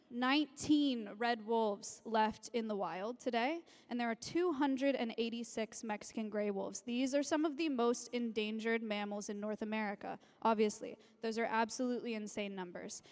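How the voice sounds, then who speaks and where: Excited woman on a reverberant stage. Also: fairly high pitch. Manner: excited, gushing, emotional. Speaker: sanctuary founder presenting on stage. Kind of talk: live-streamed stage announcement. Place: large convention hall with live audience. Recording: long hall reverb.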